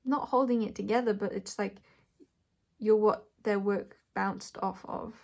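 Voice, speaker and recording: A woman doing a pick-a-pile tarot reading, speaking in a searching way, often correcting herself and thinking aloud with soft laughs. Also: medium pitch, fairly even intonation, measured pace, creaky. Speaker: tarot reader. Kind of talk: intuitive tarot reading to camera.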